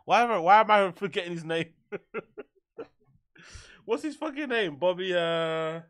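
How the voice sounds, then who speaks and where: Man, reaction host, bright tone, dry sound, loose and profane. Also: high-pitched, expressive, measured pace, dry recording. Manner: profane, laughs often, riffs loosely. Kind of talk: casual reaction commentary.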